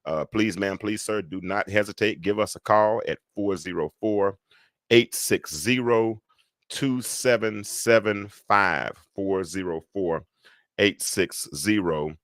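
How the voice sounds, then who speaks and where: Deep-voiced man hosting a call-in show. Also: slow pace, no echo, studio quality. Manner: rambling, animated, jumps between loud and soft. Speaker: talk show host. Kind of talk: live call-in show chat.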